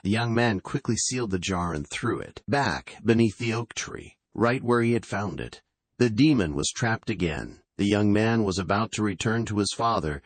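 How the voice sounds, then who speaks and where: A man narrating a bedtime story calmly, switching into voices for the characters. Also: on the low side, no room sound. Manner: calm storytelling with acted voices.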